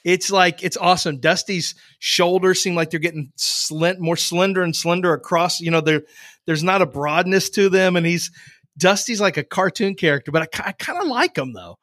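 A man's voice: high voice, normal speed, fairly bright tone, no echo, studio quality. A man hosting a podcast, chatting casually with teasing, rambling banter. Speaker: podcast host. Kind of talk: casual chat.

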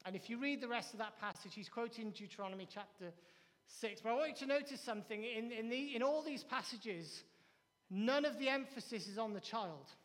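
Male pastor, very high voice, emphatic sermon delivery, long hall reverb. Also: fairly quick, fairly bright tone. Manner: emphatic preaching with repetitions and quoted dialogue. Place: church.

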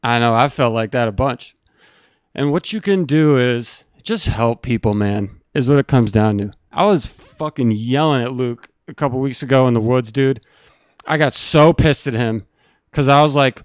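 A man's voice: mid-range voice, normal speed, smooth, no room sound, clean studio sound. A man hosting a live stream, talking in a blunt, earnest, profane way to his viewers. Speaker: stream host. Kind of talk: casual chat.

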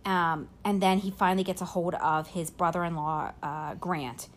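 A woman podcast host retelling a story in casual chat, haltingly, with fillers and self-corrections. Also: on the low side, steady tone, slight background noise.

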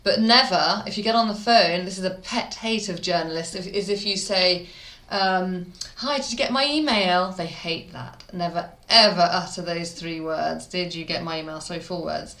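A woman's voice: on the low side, moderate pace, few pauses. Chatty Midlands woman in an echoey room. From English Midlands. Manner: chatty, animated storyteller, laughs often. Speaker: PR expert guest. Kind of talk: casual interview talk.

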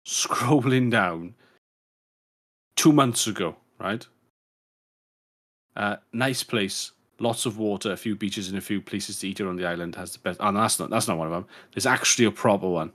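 A podcast co-host chats casually, rambling, swearing and restarting his sentences often. His voice is on the low side with a fairly bright tone, at normal speed.

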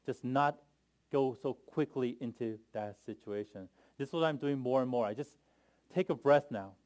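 A man's voice: mid-range voice, normal speed, a little mellow. A man in his thirties, a pastor, preaching a sermon in a conversational storytelling way, with small self-deprecating laughs.

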